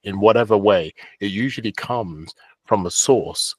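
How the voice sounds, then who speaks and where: Gentle, encouraging podcast host, very low voice, dry studio sound. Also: unhurried, breathy edge, no room sound. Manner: gentle, encouraging listener with frequent murmurs. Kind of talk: interviewing.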